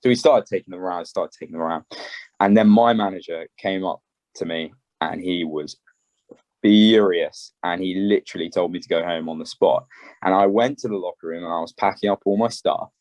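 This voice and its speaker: A man hosting a podcast, telling his own anecdote in a measured way and summing up the guest's point. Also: deep voice, darkish tone, no room sound. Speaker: podcast host. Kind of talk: casual conversation, anecdote.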